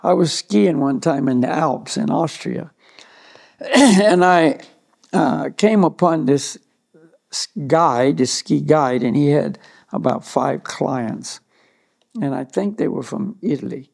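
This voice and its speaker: Man, mellow gravelly voice, slightly high, meandering storyteller giving a spiritual talk. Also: slow pace. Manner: rambling, anecdotal, many "you know" asides.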